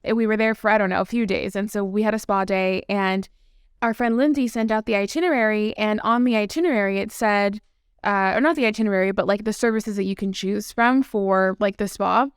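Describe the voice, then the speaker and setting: A woman's voice: medium pitch, a little fast, clean tone, dry recording, studio quality. A woman guest telling a story in a casual conversation, chatty and full of "like" and quoted dialogue. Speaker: podcast guest.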